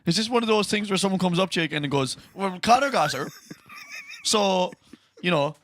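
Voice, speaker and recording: A man co-hosting a podcast, joking around and laughing loudly in casual banter. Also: sits high, brisk. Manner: jokey, laughs loudly, plays out scenes. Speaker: podcast co-host.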